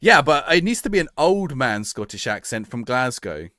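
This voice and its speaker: A man live-streaming gameplay, joking and thinking aloud. His voice swings widely in pitch. The sound is dry and close to the mic. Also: big pitch swings, normal speed, bright, forceful tone, no room sound. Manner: playful, joking, talks to the game and AI.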